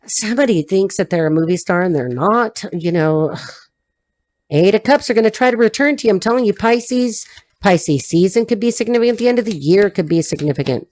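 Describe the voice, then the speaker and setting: A woman's voice: mid-range voice, expressive, brisk, darkish tone. A woman giving an intuitive tarot reading to her audience, free-associating and repeating herself in a blunt, emphatic way. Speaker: tarot reader.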